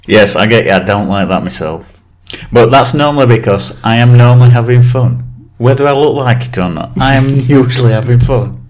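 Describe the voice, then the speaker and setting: A man's voice: mid-range voice, normal speed, few pauses, darkish tone. A man co-hosting a podcast, laid-back and self-deprecating in casual chat. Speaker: podcast co-host.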